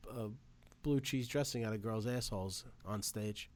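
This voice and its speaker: A man's voice: on the low side, normal speed, darkish tone, dry recording. A man co-hosting a podcast, reacting and joking in a casual way. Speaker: podcast co-host. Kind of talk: casual chat.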